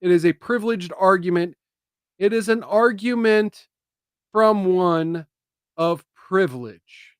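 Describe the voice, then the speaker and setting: Man, high voice, political commentary host, emphatic, dry close sound. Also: slow pace, smooth, no echo. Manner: emphatic, emotional, swings from loud to hushed.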